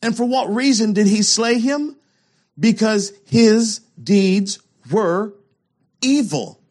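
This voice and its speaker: A man preaching a sermon, asking rhetorical questions and swinging between loud emphasis and hushed lows. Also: slow pace.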